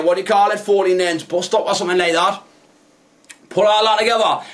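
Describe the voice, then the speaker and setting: A man's voice: high-pitched, natural voice. An actor playing a brash, boastful young Geordie chav man with a Geordie accent, telling crude rambling stories in a comic vlog. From North East England. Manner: swaggering, crude, rambling storyteller. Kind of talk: comic character monologue.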